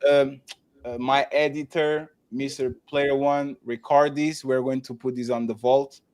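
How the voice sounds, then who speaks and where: A man's voice: medium pitch, flat delivery, unhurried, a little mellow, no room sound. A man hosting a live-streamed talk show, chatting loosely, stumbling over restarts and thanking viewers by name. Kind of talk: casual live-stream chat.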